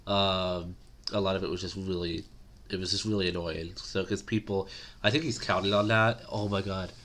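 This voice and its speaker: A man's voice: low-pitched, steady tone, normal speed, fairly bright tone. A man giving casual political commentary to camera, rambling and opinionated with many fillers.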